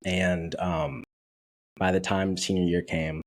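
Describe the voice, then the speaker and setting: A man in his twenties from Dallas, Texas, a podcast guest telling his story in a casual, animated way, acting out quoted dialogue and laughing often. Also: deep voice, takes it slowly.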